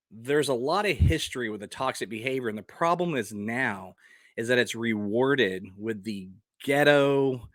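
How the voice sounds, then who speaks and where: Blunt, fired-up man with a bright voice. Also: medium pitch, no room sound, studio quality. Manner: blunt and passionate, with rhetorical questions. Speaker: vlogger. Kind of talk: casual opinion vlog.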